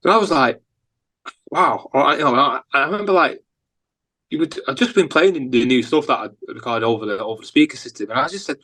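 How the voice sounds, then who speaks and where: A man's voice: mid-range voice, a little fast, long pauses, poor audio. A man with a northern English accent, a musician guest telling long rambling anecdotes in a casual interview. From England. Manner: rambling, animated anecdotes with lots of fillers.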